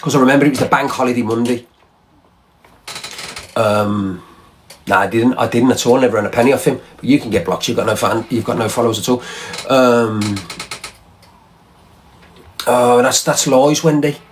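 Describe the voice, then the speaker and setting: A man's voice: mid-range voice, normal speed, long pauses, slight background noise. A man ranting angrily on a livestream, swearing and repeating himself. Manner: heated, profane, repetitive. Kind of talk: angry livestream rant.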